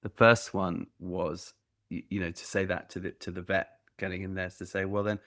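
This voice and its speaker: A man hosting a podcast, talking in a halting, casual way and repeating words as he gets started. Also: deep voice, little pitch movement, bright, forceful tone. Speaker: podcast host. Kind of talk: casual interview chat.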